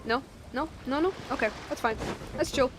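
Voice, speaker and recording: A young woman streaming a video game, chatting casually, excitable and giggly, with lots of restarts and "like"s. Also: high voice, moderate pace, music in the background. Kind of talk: casual game livestream commentary.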